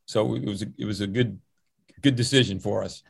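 A man's voice: lowish voice, a little fast, vocal fry, breathy edge, no room sound. An older man, a longtime swim coach, recalling his youth in a rambling, anecdotal interview. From New Jersey, USA. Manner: rambling and anecdotal, with restarts and chuckles. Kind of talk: relaxed interview storytelling.

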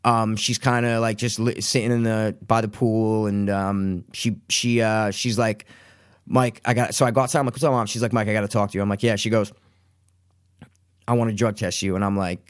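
A man in his twenties casually telling a long personal story, rambling and animated, with lots of quoted asides. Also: fairly low pitch, brisk, smooth, no room sound, studio quality. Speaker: podcast guest.

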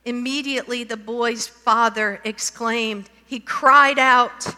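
Slow high-voiced woman preaching. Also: steady tone, sharp tone. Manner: reads scripture aloud and asks the listeners questions. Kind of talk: sermon. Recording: long hall reverb.

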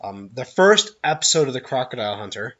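A man's voice: medium pitch, fairly quick, husky, muffled recording. A man in his twenties chatting casually on a podcast, rambling with frequent restarts. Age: 20s. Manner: rambling, many restarts, animated storytelling. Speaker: podcast co-host. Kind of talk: casual chat.

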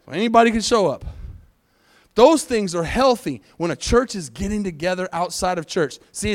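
A man with a high, light voice preaches to his congregation. He drives his points hard with rhetorical questions and slows down to read scripture. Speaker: pastor. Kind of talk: sermon. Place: church sanctuary.

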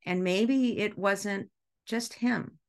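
A middle-aged woman, a school's executive director, telling a story in a podcast interview with animated feeling and an easy laugh. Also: mid-range voice, slow pace. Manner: animated, acts out dialogue while telling stories; emotional, laughs easily.

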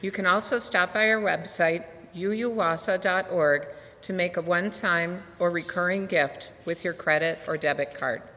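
Woman making a service announcement, plain, steady, polite, echoey sanctuary. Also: lowish voice, normal speed. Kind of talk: scripted announcement. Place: church sanctuary.

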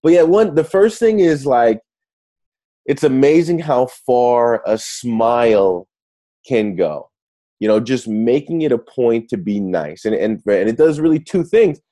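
A man being interviewed as an author, talking in a lively way and often restarting his phrases. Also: mid-range voice, a little slow. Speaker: guest author. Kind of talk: conversational interview.

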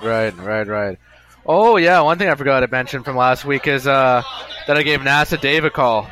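Bright-voiced man rambling alone. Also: mid-range voice, normal speed. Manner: chatty, self-amused, repetitive storytelling. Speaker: podcast host. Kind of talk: casual rambling monologue. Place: bar.

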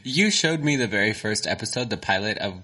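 A Texan man co-hosting a casual chat, animated and quick to laugh and react. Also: fairly low pitch. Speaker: podcast co-host.

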